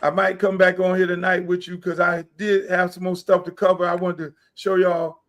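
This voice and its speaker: A middle-aged man hosting a casual podcast, loud and joking, often bursting into excited shouts. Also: high-pitched, normal speed. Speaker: podcast host.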